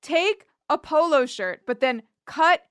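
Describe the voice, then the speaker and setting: A woman's voice: high voice, animated, slow, a bit bright, no echo. A woman from New Jersey co-hosting a rewatch podcast, recapping scenes playfully and joking about them. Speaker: podcast co-host. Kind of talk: casual chat.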